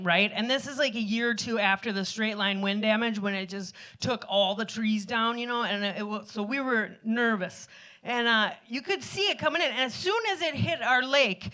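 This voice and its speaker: A woman's voice: fairly high pitch, pushed and bright. A woman telling a rambling, self-deprecating comic story on stage at a live show. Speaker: storyteller performer.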